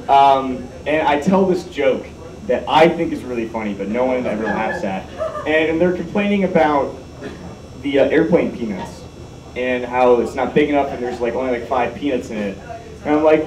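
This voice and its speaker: A young man telling a comic story on stage, self-mocking and animated, acting out what people said. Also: a little high, normal speed. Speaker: live storyteller. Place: large hall with live audience. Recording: echoey hall, mic at a distance, audience heard.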